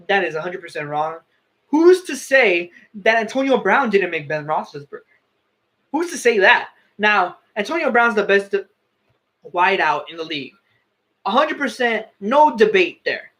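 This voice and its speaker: A man's voice: high voice, sharp tone. A young man giving casual, opinionated sports commentary, often correcting and restarting himself.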